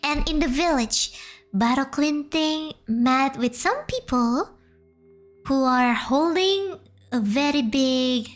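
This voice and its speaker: High-voiced Indonesian woman telling a folk tale. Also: animated, slow pace, soft background music. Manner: hesitant, translating as she goes. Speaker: streamer. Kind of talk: storytelling a folk tale on stream.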